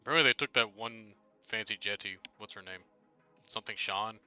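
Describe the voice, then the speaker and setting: Guy rambling in character, keeps trailing off, low but really bright tone. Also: moderate pace, clean tone, soft background music. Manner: rambling, trails off mid-sentence. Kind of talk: in-character role-play chat.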